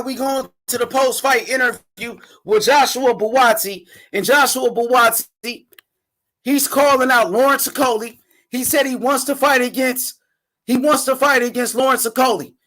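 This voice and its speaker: A young man with a very high voice hosts a live boxing reaction stream. He talks in loose slang, circling back over the same points as he hypes the fighters. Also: a bit bright. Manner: casual slangy, repeats himself, hypes fighters. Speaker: boxing commentator, channel host.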